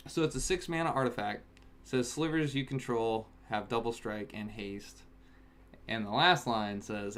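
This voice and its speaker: A man casually chatting on a home stream while opening card packs, breaking into excited shouts over good pulls. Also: mid-range voice. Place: home, in Alaska. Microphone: webcam setup.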